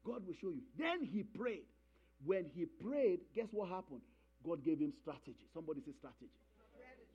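A man's voice: sits high, very animated, fairly quick, darkish tone, slightly rough, highs cut off. A man preaching a sermon, emphatic, repeating key phrases and calling for responses from the congregation.

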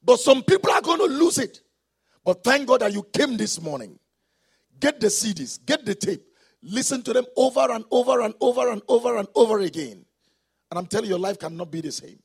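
Man, pastor, from Nigeria, raspy, gravelly, lively pitch, shouted sung-out preaching. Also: fairly quick. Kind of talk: sermon.

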